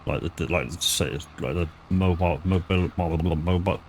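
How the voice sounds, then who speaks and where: A man with a fairly low-pitched voice, chatting to his viewers as he plays. He rambles through a story with lots of stammered restarts. His talk is loose and sweary. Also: fairly even intonation, normal speed, slight background noise. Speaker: live streamer. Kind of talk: casual gaming stream chat.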